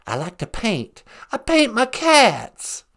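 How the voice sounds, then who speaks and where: A man's voice: very high voice, huge pitch swings, slow, gravelly, a bit bright, heavily acted. A man voicing a laid-back, folksy Texan former president with a put-on drawl and slangy talk. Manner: drawling, slangy, calls people man and boy.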